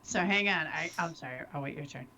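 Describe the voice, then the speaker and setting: A woman chatting casually as co-host of a live-streamed talk show, animated and quick to laugh. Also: sits low, highs cut off, very noisy. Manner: laughs often, animated, loses her train of thought. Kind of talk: casual chat.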